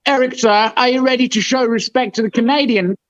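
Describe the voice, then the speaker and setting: A man's voice: very high-pitched, fairly quick, a bit bright, no echo, highs cut off. A man hosting a casual hot sauce tasting chat, swearing and groaning from the heat. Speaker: host.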